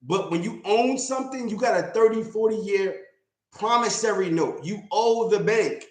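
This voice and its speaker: His voice sits high with a darkish tone, moving at normal speed. He's a real estate investor and mentor giving a livestream talk from an echoey room, hammering his points bluntly, emphatically and repeatedly.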